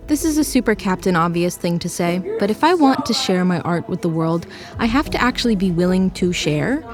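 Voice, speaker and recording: A woman's voice: lowish voice, animated, a little fast. A young woman giving candid, wry and upbeat voice-over narration for her vlog. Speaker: vlogger. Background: music playing underneath.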